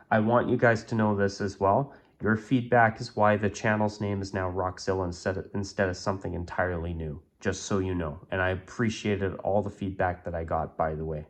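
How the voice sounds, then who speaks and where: A man hosting his own channel, talking casually and with strong opinions, rambling with fillers and restarts, recorded on a phone. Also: on the low side. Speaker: YouTube channel host. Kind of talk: casual vlog commentary.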